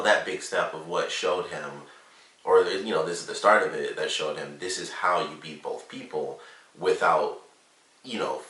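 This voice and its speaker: Male reviewer, low and bright, casual rambling delivery, off-mic in a roomy space. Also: distant mic. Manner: rambling, many "like" and "you know" fillers. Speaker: TV episode reviewer. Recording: echoey room, mic set back.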